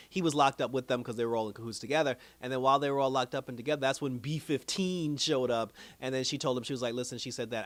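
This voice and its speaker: A man recapping a TV episode in a loose, rambling way, laughing often and slipping into quoted lines. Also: medium pitch. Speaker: TV episode reviewer. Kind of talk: casual recap with quoted voices.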